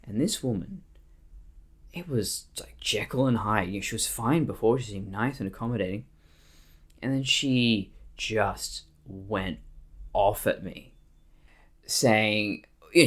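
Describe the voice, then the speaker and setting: An Australian woman telling a personal story on her vlog in a blunt, profane, animated way. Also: rumbling low, a little slow, pauses often. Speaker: vlogger.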